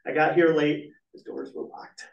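A man's voice: on the high side, normal speed. Man telling stories in an echoey room. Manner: lively storytelling, asks the room questions. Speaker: business trainer and guest speaker. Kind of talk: storytelling talk at a networking meeting. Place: meeting room. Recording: echoey, muffled room recording from far off.

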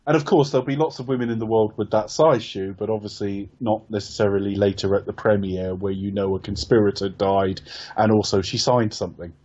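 A man's voice: on the low side, fairly even intonation, a little fast, a little mellow, muffled recording. A man co-hosting a casual film review podcast, rambling and correcting himself as he talks, with casual swearing. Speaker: podcast co-host.

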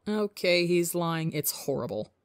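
A woman reading a fan fiction story aloud as the narrator, in a calm, steady voice. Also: on the low side, a little slow, dry recording, studio quality. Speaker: audiobook narrator.

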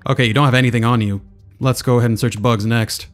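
A man voicing a stern adult school official who speaks in a brisk, official way. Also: mid-range voice, fairly even intonation, faint music behind, close to an everyday voice.

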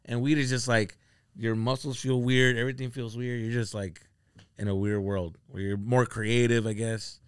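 A man on a comedy podcast telling a story casually, acting out his friends' lines with big jumps in pitch. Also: normal speed, clear, resonant tone, no room sound. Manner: animated, acts out quoted friends with sudden jumps in pitch.

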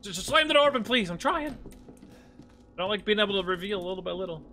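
A man's voice: high voice, lively intonation, brisk, pushed and bright. A young man streaming a horror game, jumpy and swearing, laughing nervously as he plays. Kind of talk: let's play commentary.

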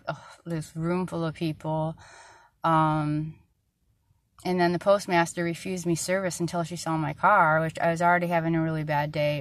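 Woman, lowish voice, venting a long rant, tired and halting, dry room sound. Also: dry recording. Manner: frustrated, rambling, many fillers. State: tired, struggling to find words. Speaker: vlogger. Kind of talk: ranting personal vlog.

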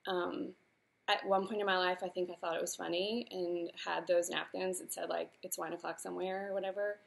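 A woman's voice: fairly low pitch, level tone, brisk, vocal fry. A woman in her thirties, an author, chatting earnestly with fillers and then reading aloud from her own book. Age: 30s.

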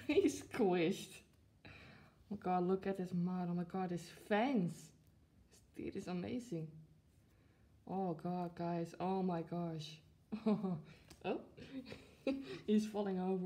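A woman's voice: fairly low pitch, fairly even intonation, a little slow, mellow. A woman in her twenties chatting to camera as she unboxes a collectible, gushing and giggling often between many fillers. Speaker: plush collector vlogger. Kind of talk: casual unboxing chat to camera.

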